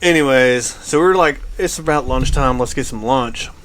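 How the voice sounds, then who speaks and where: Slight background noise sits behind this podcast co-host, whose mid-range voice is a bit bright and moves at normal speed. He casually rambles through an extended travel tale, peppered with fillers such as "uh" and "like."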